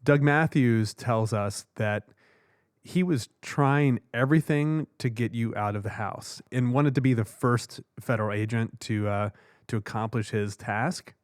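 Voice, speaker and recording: A man's voice: medium pitch, a little slow, dry recording. Man co-hosting with dry close sound. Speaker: podcast co-host and documentary director. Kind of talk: interview questions.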